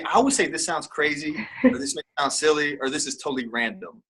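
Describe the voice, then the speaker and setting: A man's voice: on the high side, fast, hardly any pauses, bright, forceful tone, slightly rough. A man speaking as a guest in a casual interview, rambling and candid, with lots of fillers and restarts.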